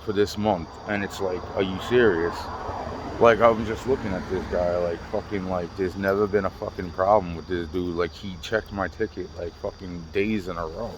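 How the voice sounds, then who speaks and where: In a casual vlog, a man tells his camera rambling, profane stories, repeating himself and restarting often. He has a deep voice with fairly even intonation and a moderate pace, and there's background noise.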